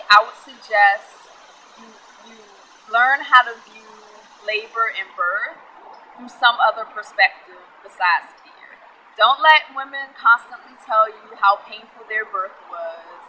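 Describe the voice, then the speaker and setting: A woman's voice: on the high side, pushed and bright, slight background noise, low-quality recording. A pregnant young woman talking casually to camera in a vlog, explaining earnestly with fillers and small laughs. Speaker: vlogger.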